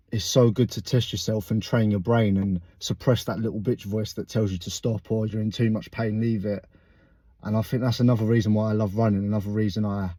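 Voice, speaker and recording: Young man, post-run and slightly breathless; dark, relaxed tone, reflective self-critical vlog chat. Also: on the low side, dry recording. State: sweaty and a bit out of breath. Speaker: vlogger. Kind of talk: casual vlog monologue.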